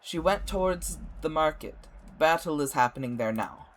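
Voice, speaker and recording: A man voicing a gruff male alien rebel who speaks in clipped, broken phrases. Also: fairly high pitch, expressive, moderate pace, close to an everyday voice, rough recording.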